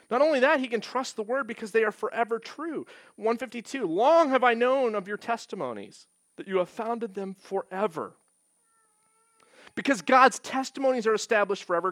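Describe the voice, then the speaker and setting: A man preaching a sermon as pastor. He talks earnestly, slows down to stress key points and rises when he quotes scripture. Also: sits high, fairly bright tone, dry recording.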